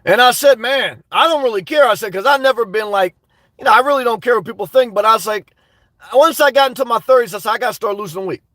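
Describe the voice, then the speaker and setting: A man in his thirties hosting a casual livestream, talking in an animated, profane way with loud outbursts. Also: extremely high pitch, fast talker, no echo, clean studio sound. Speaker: livestream host.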